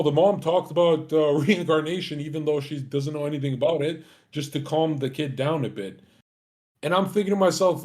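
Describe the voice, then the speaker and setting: A young man telling personal stories in a casual, candid way, swearing freely and laughing now and then. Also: medium pitch.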